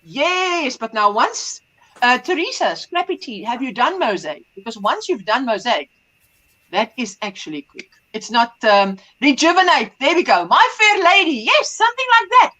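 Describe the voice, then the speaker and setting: A woman hosts a relaxed craft livestream and greets viewers by name as she chats. Her voice sits high and sounds clear and bright. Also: normal speed, low-quality recording. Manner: chatty, greets viewers by name, laughs often. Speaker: livestream host. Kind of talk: casual livestream chat.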